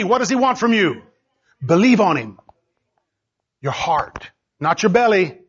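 Male preacher, high raspy voice, hammering points home in a muffled sermon recording. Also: big pitch swings, unhurried, long pauses. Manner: emphatic, repeats phrases for stress.

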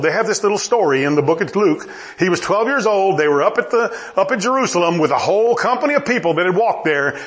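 A man preaching a sermon, acting out dialogue and dropping humorous asides. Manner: animated, acts out dialogue with rising pitch and humorous asides.

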